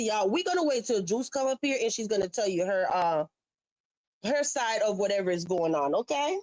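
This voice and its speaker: A woman's voice: a little high, no echo, low-quality recording. A woman hosting a livestream, talking emphatically and passionately straight to her viewers. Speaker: livestream host. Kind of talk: heated livestream commentary.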